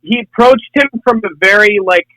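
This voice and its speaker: A man's voice: sits high, moderate pace, sharp tone, dry recording, rough recording. A young man co-hosting a podcast in casual chat, jokey and full of filler words. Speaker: podcast co-host.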